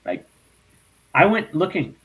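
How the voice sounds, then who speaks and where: A man hosting a podcast in casual chat, unhurried and laughing often. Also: fairly high pitch, very animated, a bit bright, husky. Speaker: podcast host.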